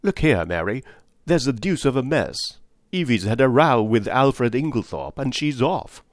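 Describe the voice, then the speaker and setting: A man voicing a worried gentleman who hurriedly confides a family quarrel. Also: mid-range voice, animated, normal speed, no echo, clean studio sound, natural voice. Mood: troubled.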